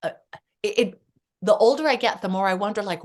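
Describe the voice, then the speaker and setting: A middle-aged woman speaking as a therapist guest on a podcast, earnest and spiritual, telling stories with lively energy. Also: medium pitch, brisk. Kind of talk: casual podcast conversation.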